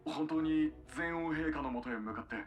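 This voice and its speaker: A man's voice: a little high, quick pace, highs cut off, faint music behind, close to an everyday voice. A man voicing a formal, dutiful airship pilot in a video game. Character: polite male airship pilot.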